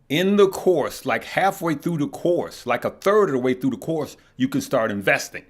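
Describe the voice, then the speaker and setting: A middle-aged man hosting a live stock market show, talking loosely with viewers, often repeating words and checking in with "right?" and "okay?". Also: mid-range voice. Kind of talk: casual live-stream chat reading viewer comments.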